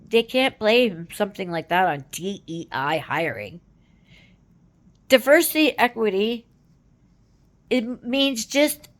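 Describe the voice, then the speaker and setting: A woman from Canada giving casual political commentary, exasperated and rambling, with many fillers and tag questions. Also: medium pitch.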